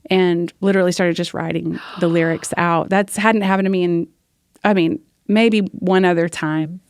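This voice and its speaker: A woman's voice: on the low side, steady tone, normal speed, clear, resonant tone. A woman worship leader telling stories earnestly in a casual podcast conversation, laughing often.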